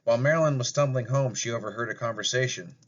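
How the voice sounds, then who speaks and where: A man's voice: medium pitch, fast, muffled recording. Man reading a storybook aloud. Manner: plain read-aloud narration. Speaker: narrator.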